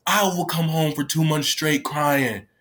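A man whose voice sits on the high side, a bit bright with fairly even intonation, speaks a little slowly as he tells a personal story to camera. He's tearful and rambling, sprinkling in "like" and "right?" and swearing freely in this casual, emotional telling.

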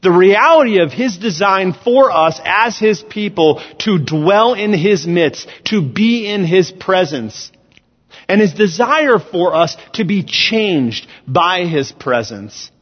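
A man's voice: sits high, lively intonation, takes it slowly, husky. Earnest man preaching in a big echoing hall. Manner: earnest, emphatic preaching with scripture reading. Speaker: student ministries director preaching. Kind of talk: sermon. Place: church sanctuary. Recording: dull sound in a large reverberant church hall.

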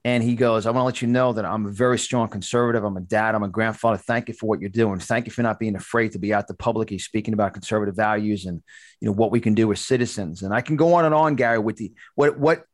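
A man hosting a talk show, telling a long story in an animated, preachy way, often restarting his sentences. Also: lowish voice, fast talker, no room sound. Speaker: podcast host and conservative speaker. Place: studio.

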